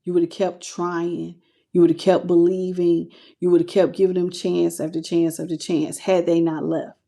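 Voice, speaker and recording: Speaking to camera, this tarot reader does a casual reading in a lowish, gravelly, mellow voice at a moderate pace with a flat delivery. She uses loose slang, talks right to her viewers, and sounds touched by the reading.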